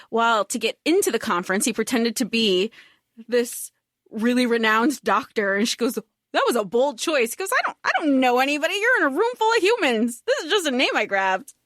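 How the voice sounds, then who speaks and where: A woman's voice: a little high, brisk, dry recording, clean studio sound. A woman co-hosting a podcast, laughing often as she eagerly retells scenes from a book in a casual chat. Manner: giggly, excited storytelling. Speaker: podcast co-host.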